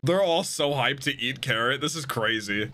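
A man reacting to an anime episode as he watches, excitable and thinking aloud in slangy chat. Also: medium pitch, moderate pace.

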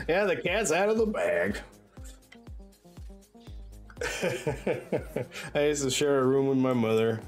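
Chill guy streaming from his room, slow rambly talk, laughs a lot, faint music behind. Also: a little high. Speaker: livestreamer. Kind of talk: loose casual chat while gaming. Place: own bedroom.

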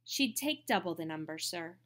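女性が演じるデヴォン訛りの穏やかな船頭. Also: female voice, lowish voice, animated, normal speed, slight background noise. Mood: persuasive. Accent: Devon. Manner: soft-spoken, persuasive. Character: weather-beaten middle-aged male boatman.

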